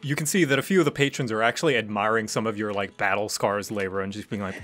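A man narrating casually as game master of a tabletop game, relaxed and full of fillers. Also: on the low side, fast talker, faint music behind.

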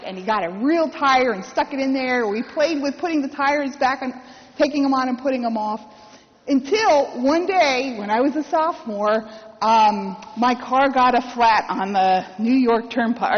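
A woman priest preaching with a high, light voice, spinning a personal story with wry humor and acting out the quotes. She is heard in a church with a long echo, and the sound is dull and lo-fi. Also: slight background noise. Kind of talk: sermon.

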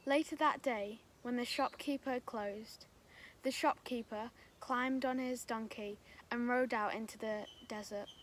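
A woman reading a story aloud for children at a church kids' group, slow and gentle. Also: fairly high pitch, steady tone, a little hiss or hum.

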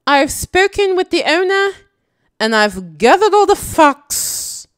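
A woman imitating a prim woman in a mock British accent, high and mocking. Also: big pitch swings, slow, fairly bright tone, no echo, studio quality, full character voice. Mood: smug.

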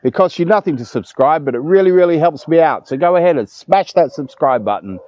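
Outdoors at a dog kennel, a man in his fifties chats to camera in a casual vlog, emotional and warm-hearted. His fairly high voice is expressive and brisk. There's no room sound, though the recording comes across muffled.

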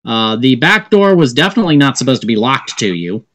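A man narrating a tabletop game as game master, halting with frequent fillers. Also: mid-range voice, very animated, fairly bright tone.

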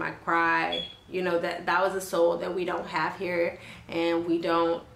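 A woman's voice: lowish voice, creaky, fairly bright tone, echoey room. A young woman and nursing student telling an emotional story in a chatty, casual vlog, with many fillers and restarts, recorded in her car.

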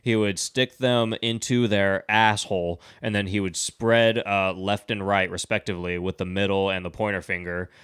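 A man's voice: lowish voice, little pitch movement, normal speed, few pauses, a bit bright, smooth. A man hosting a podcast, casually recapping a movie plot in a rambling, profane way, full of fillers. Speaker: podcast host.

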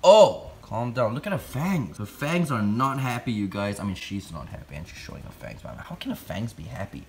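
A man vlogging as he handles a spider, jumpy and excitable, talking to his viewers and coaxing the animal, recorded on a phone at home. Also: lowish voice, a little fast, creaky, slight background noise. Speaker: tarantula keeper vlogger. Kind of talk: casual vlog narration. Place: room at home. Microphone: phone camera.

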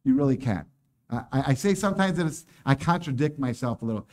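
A man's voice: medium pitch, lively intonation, quick pace, a little mellow. A man preaching a casual sermon, joking and laughing often as he talks.

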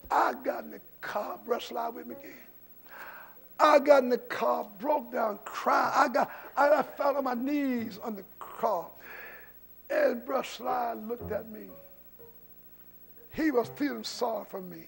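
An older man preaching a storytelling sermon as pastor, swinging from hushed asides to shouted lines. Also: extremely high pitch, unhurried, gravelly, slightly rough.

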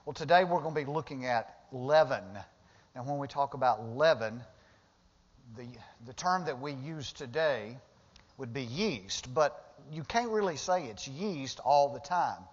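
The animated, medium-pitched voice of a male preacher moves a little slowly through his sermon in a church sanctuary. Mostly conversational, he breaks into emphatic bursts while retelling the story, and the lo-fi recording sounds dull with a long hall echo.

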